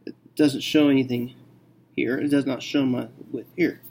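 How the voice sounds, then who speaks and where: A man teaching a math lesson, working through a problem slowly and thinking aloud with frequent okays. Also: mid-range voice, steady tone, vocal fry, a little mellow, a little hiss or hum.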